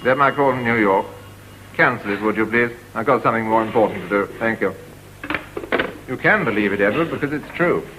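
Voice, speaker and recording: An actor playing a remote, phone-obsessed upper-class English father in a 1960s TV sketch, clipped and brisk. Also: on the low side, noisy background, natural voice. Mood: awkward. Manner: brisk, clipped, distracted businessman.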